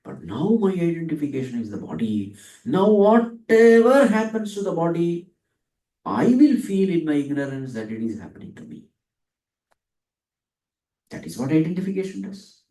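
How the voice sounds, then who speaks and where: A man gives a spiritual discourse, putting questions to his listeners and answering them himself. His fairly high voice rises and falls a lot, and it stays mellow and soft. He is recorded from a distance in an echoey room. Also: sing-song. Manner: dwells on Sanskrit terms, drawn out slowly. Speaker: spiritual teacher. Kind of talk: Vedanta discourse.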